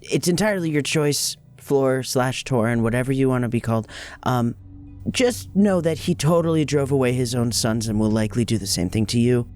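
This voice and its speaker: A man's voice: mid-range voice, normal speed, darkish tone. A man at a game table speaks in a casual, easygoing way, making a persuasive argument. Faint music sits behind him. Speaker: player.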